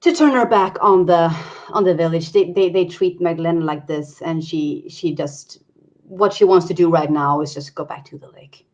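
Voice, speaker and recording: A woman's voice: fairly low pitch, normal speed, darkish tone. A woman player describing her character's actions in a tabletop game, on dull lo-fi audio.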